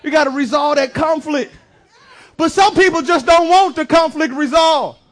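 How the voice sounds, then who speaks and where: Preacher, man, very high voice, comic sermon, shouts for emphasis. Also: moderate pace, some chatter behind. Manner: lively, joking preacher with shouted bursts. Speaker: pastor. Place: church sanctuary.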